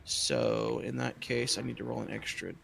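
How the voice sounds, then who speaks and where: Gravelly, bright-voiced man at the gaming table. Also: lowish voice, big pitch swings, normal speed, a little hiss or hum. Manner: thinks aloud, counts dice under his breath. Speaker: player. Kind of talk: casual tabletop game chat.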